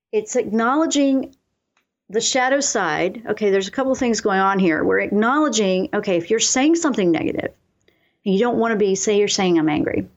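A woman hosting a radio talk show on spiritual self-help, coaching listeners earnestly and slowing down for affirmations. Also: medium pitch, dull audio.

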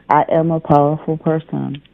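A woman calling in to a radio show, hesitant and given to soft laughs. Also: low voice, level tone, a little slow, vocal fry, no room sound. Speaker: caller. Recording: phone line.

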